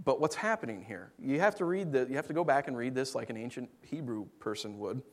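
A man preaching a sermon, animated and playful, dropping to hushed whispers and acting out what listeners might say. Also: mid-range voice, fast talker. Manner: acts out listeners' voices in asides. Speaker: pastor.

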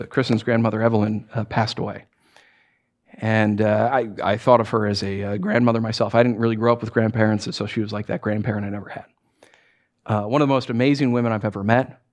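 A middle-aged man preaching a sermon as pastor, telling stories with lots of restarts and acted-out asides. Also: medium pitch. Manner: animated storytelling with many restarts and acted asides.

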